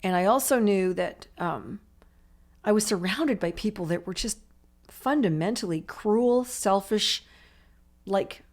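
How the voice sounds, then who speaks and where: A woman's voice: medium pitch, unhurried, a little mellow. A woman telling her own recovery story in conversation, speaking in emotional, run-on sentences full of "I'm like" asides. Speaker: author and recovery guest.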